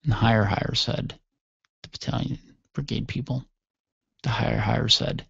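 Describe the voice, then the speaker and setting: A man's voice: medium pitch, fairly even intonation, moderate pace, gravelly, pauses often, a bit bright, husky, no echo. A man hosting a radio show, telling a comic story in a playful, mock-dramatic way, on a dull, dry recording.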